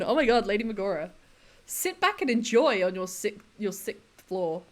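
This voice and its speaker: A woman's voice: mid-range voice, lively intonation, normal speed. A woman chatting casually with her live-stream viewers while she plays a building game, giggling often and answering chat between tasks.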